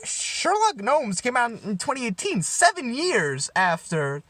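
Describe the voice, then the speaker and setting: A man's voice: extremely high pitch, huge pitch swings, a little slow, a bit bright, no room sound. A young man giving a mock-serious comedy rant, rambling and stumbling over his words with sudden sarcastic outbursts. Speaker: comedy vlogger.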